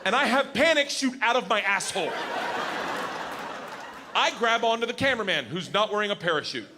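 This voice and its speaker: Loud, animated middle-aged comedian on a live stage. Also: male voice, high voice, a little fast. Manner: loud, animated, shouting punchlines over crowd laughter. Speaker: stand-up comedian. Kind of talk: stand-up storytelling. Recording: live stage recording with audience noise.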